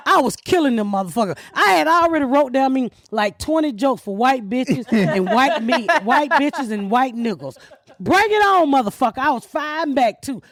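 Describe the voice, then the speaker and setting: A middle-aged woman hosting a comedy podcast, telling loud, profane stories in casual chat. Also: on the high side, expressive, a little fast, no room sound, studio quality. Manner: brash, profane storytelling.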